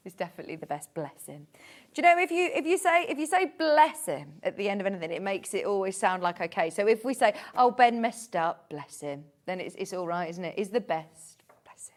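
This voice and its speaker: A woman's voice: mid-range voice, big pitch swings, brisk. Bubbly shopping-channel presenter woman. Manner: chatty, bubbly, laughs often. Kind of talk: live TV sales presentation.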